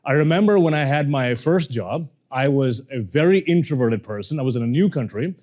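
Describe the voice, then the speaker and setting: Animated storytelling man, lively pitch. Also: fairly quick. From moved to Canada as a young adult. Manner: animated, quotes people in shifting voices. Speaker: speaking coach. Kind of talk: storytelling talk to a live audience.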